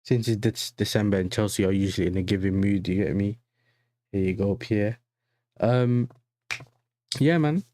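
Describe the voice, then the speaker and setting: A man's voice: on the low side, normal speed, long pauses, mellow, no room sound. A young man hosting a casual football livestream, chatty and full of slang, often asking "you know what I'm saying". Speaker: football fan channel host. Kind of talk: casual livestream reaction chat.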